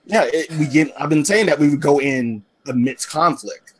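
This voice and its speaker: A man's voice: fairly high pitch, moderate pace, a little hiss or hum. A man co-hosting a casual gaming podcast, rambling a little and repeating words as he works out his thoughts. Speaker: podcast co-host.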